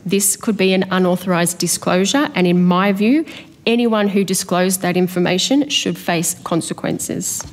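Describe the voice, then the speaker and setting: A woman giving a measured, formal statement at a hearing. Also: fairly low pitch. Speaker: police commissioner. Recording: hall echo.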